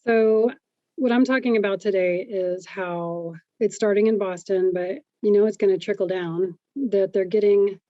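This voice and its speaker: A woman's voice: mid-range voice, warm tone, no room sound. Woman chatting on a podcast, dull dry sound. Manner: rambling, restarts often, laughs easily. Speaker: podcast co-host. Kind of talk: casual chat.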